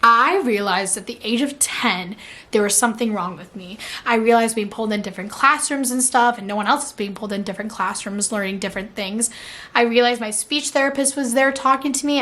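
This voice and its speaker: A woman's voice: a little high, a little fast, fairly bright tone. A young adult woman vlogging in casual chat, filling her talk with "like" and laughing at herself. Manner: chatty, filler-heavy with frequent "like"; laughs at herself mid-sentence. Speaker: vlogger answering viewer questions.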